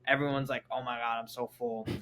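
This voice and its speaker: A young man, a podcast guest, telling a story in a casual, animated way, acting out other people's lines and saying "like" often. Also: medium pitch, fast, a little hiss or hum. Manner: animated, acts out family members' lines, heavy "like" fillers.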